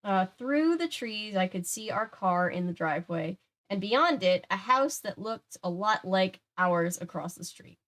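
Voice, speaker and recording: A woman reading a children's spooky book aloud at a middle pitch. She breaks in now and then with casual, chatty asides. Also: animated, measured pace, fairly bright tone. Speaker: book reader.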